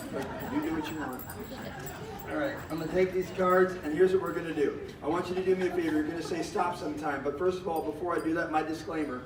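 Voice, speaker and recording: A jokey, folksy male magician with a fairly high voice who chuckles through his showman patter. He sounds set back from the mic in an echoing room, with faint noise behind him. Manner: jokey, chuckles often, cowboy-flavored folksy talk. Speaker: magician and variety performer. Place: live stage show with audience. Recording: roomy, distant, with faint noise.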